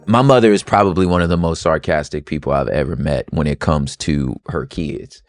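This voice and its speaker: A man hosting a podcast, giving casual, expressive commentary in a conversational way. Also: a bass voice, brisk, faint music behind. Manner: expressive and conversational, slips into playful quoted voices. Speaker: podcast host.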